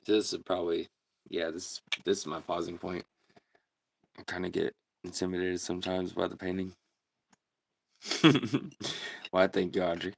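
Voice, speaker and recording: Deep gravelly laid-back man. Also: fairly even intonation, normal speed, long pauses. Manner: laid-back, laughs often, slangy. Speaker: livestream host. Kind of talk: casual livestream chat reading comments.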